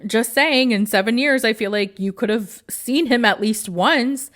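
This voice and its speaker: A woman's voice: a little high, unhurried, fairly bright tone. A woman voicing an impatient young woman who talks bluntly. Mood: exasperated.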